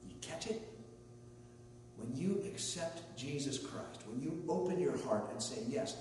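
A man's voice: on the high side, expressive, a little slow, a little mellow. A man preaching a sermon as a pastor, in a conversational way with story asides and light humor. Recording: echoey hall from far off, faint hum.

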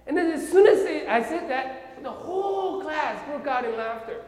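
A man from Korea with a Korean accent, preaching a sermon as an animated storyteller who keeps checking in with his listeners. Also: very high voice, normal speed. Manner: animated storyteller, often checks in with "okay?" and "right?". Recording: echoey hall with long reverb.

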